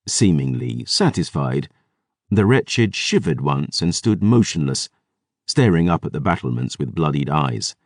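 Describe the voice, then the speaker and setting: A man narrating a dark fantasy audiobook in the first person, wry and gritty. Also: sits low, no echo, clean studio sound.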